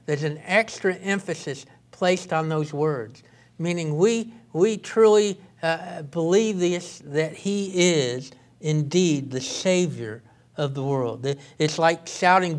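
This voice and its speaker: A male pastor preaching a sermon in an earnest way, often halting and restarting his sentences. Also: fairly high pitch.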